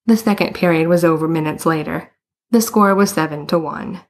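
Woman audiobook narrator, lowish pitch, even storytelling. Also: normal speed. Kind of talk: scripted narration.

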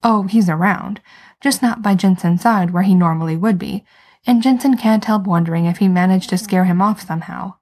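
A woman's voice: medium pitch, normal speed, darkish tone. A woman narrating fan fiction aloud in a wry, conversational way.

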